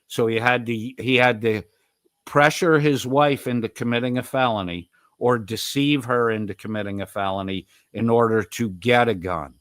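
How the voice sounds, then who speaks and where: A man's voice: medium pitch, normal speed, a bit bright. A man hosting a livestream, reading chat and ranting with profanity and taunts. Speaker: stream host reading chat. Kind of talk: heated livestream commentary.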